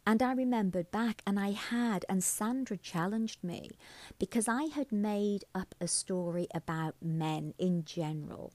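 A woman storyteller telling a folk tale aloud in an expressive way and then reflecting on its meaning. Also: medium pitch, measured pace, no echo. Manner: expressive, reflective, uses fillers.

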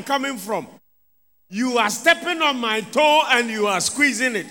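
A man preaches as a bishop, his voice sitting high for a man and moving at an unhurried pace. He drives his points home with emphatic cries of hallelujah and amen. The sound rings with the long reverb of a large hall. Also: expressive, sharp tone. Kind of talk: sermon.

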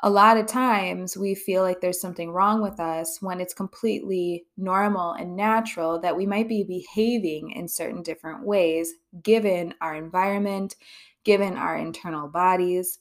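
A woman's voice: on the low side, fairly even intonation, moderate pace. A woman therapist hosting her own podcast, talking candidly and conversationally, with frequent swearing. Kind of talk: casual podcast monologue.

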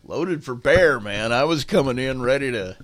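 A man's voice: medium pitch, lively intonation, moderate pace. An older man hosting a radio show, chatting casually in a rambling, self-mocking way and laughing often. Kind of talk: casual on-air chat.

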